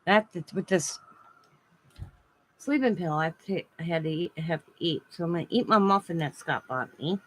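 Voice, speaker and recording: A woman's voice: on the low side, lively intonation, moderate pace, poor audio. A woman hosting a casual crafting livestream from her home craft room, chatting in a rambling way and laughing often. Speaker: craft channel host.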